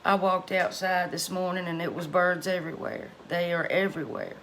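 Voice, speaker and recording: A woman's voice: lowish voice, steady tone, normal speed, hardly any pauses. A middle-aged woman with a drawl chats casually to her viewers from her home kitchen. She is folksy and talkative and laughs often between thoughts. A faint hum of noise sits under her voice. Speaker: cooking channel host.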